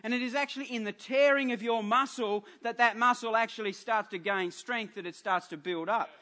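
Male pastor, high bright voice, earnest sermon with frequent restarts, church setting. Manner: earnest, halting with repeated restarts.

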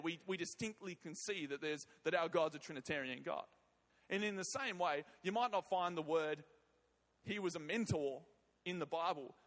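High-voiced preacher man in a hall. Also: a bit bright. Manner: emphatic, repeats words and phrases. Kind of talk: sermon with prayer. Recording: long reverb of a large hall.

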